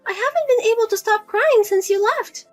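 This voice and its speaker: Woman voicing a pushy mother, high-pitched, lively, wheedling, guilt-tripping, family drama. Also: moderate pace, soft background music. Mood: nagging, whiny. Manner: nagging, pleading, guilt-tripping. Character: pushy middle-aged mother, whiny and money-grabbing.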